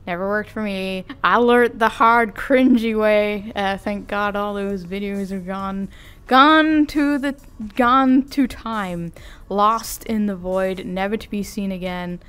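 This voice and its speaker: A woman's voice: mid-range voice, fairly even intonation, slow pace, a bit bright, clean tone. A young adult woman vlogging in a casual, rambling, self-deprecating chat with giggly asides. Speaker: vtuber vlogger.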